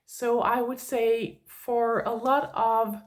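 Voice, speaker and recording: A woman's voice: on the high side, level tone. A woman with a Danish accent teaching a language lesson for her online channel, explaining in a friendly, patient way. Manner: friendly explanatory, slow and deliberate.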